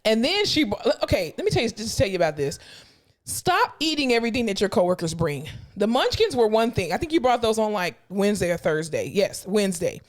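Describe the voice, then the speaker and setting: A woman's voice: mid-range voice, big pitch swings, a little fast. A woman co-hosting a podcast, telling blunt, profane work stories with laughing asides in casual chat. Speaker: podcast co-host.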